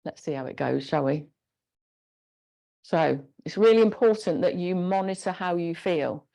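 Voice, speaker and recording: A woman instructor leading a gentle guided exercise class, encouraging and giving step-by-step movement cues. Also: on the low side, moderate pace, gravelly.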